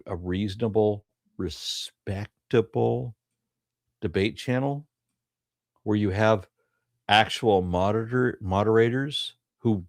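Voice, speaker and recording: A man co-hosts a live stream in a casual debate review chat, speaking bluntly and emphatically with some profanity. His fairly low voice is recorded dry with clean studio sound.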